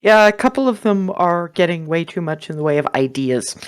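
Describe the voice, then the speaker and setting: A woman running a tabletop game as game master, lively and quick to laugh. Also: lowish voice, clean tone. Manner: lively, laughing, corrects players.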